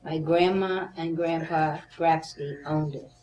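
A woman's voice: low voice, fairly even intonation, slow, darkish tone. A woman in her eighties being interviewed for an oral history, reminiscing chattily and reciting a comic poem in a playful sing-song. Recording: roomy echo, faint background noise.

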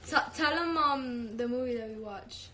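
A woman's voice: a little high, moderate pace, noisy background. A young woman chatting casually on a livestream, brash and profane, laughing often. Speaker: singer on a live stream.

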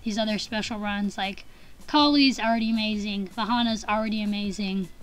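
A woman's voice: mid-range voice, steady tone, brisk, smooth, poor audio. A young woman in a casual vlog, rambling and gushing about her collection with frequent giggles and restarts. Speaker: collector vlogger.

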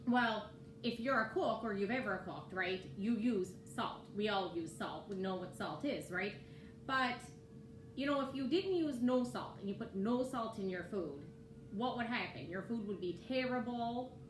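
A woman's voice: animated, a little slow. Woman preaching, chatty, in an echoey room. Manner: conversational, keeps asking "right?" to the listeners. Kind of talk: casual sermon teaching. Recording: roomy echo with faint rumble.

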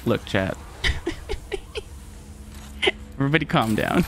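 A streamer giving live gameplay commentary, excitable, laughing often, swearing and talking to chat. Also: mid-range voice, takes it slowly, a little hiss or hum.

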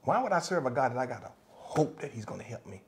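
A man preaching a sermon and leading prayer as a pastor, with a folksy, repetitive cadence that rises to loud, passionate exhortation. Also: medium pitch, very animated, fast talker, a little hiss or hum. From United States.

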